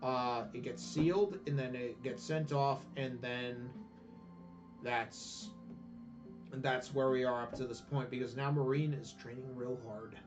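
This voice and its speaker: A man's voice: medium pitch, steady tone, a little slow. A man rambling through an irreverent recap of a game's story, full of "uh"s and "and then"s. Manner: rambling, irreverent, filler-heavy. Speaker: let's player. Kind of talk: casual game story recap. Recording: distant dull lo-fi recording with faint music.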